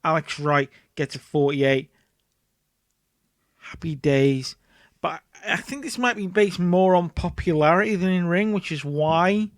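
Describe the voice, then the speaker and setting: Let's-play host, chatty narrator; high voice, dry close recording. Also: male voice, no room sound. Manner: chatty, narrates and acts out scenes. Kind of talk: casual game commentary.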